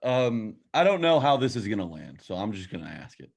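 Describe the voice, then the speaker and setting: A male co-host with a lively, animated voice leads into questions with stops and restarts. He sounds amused and often laughs between lines. He is a casual, friendly interviewer. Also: on the low side, a little fast, creaky. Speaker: podcast co-host.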